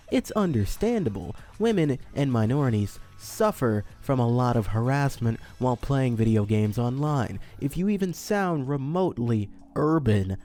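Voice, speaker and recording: A man hosting a commentary video in a sarcastic, deadpan way, with dry asides. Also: medium pitch. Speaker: YouTube commentator.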